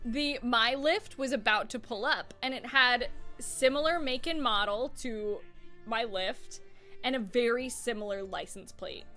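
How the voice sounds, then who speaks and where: A streamer who tells everyday stories in animated casual chat, swearing freely and laughing often. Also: female voice, fairly high pitch, a little slow, faint music behind. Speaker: streamer host.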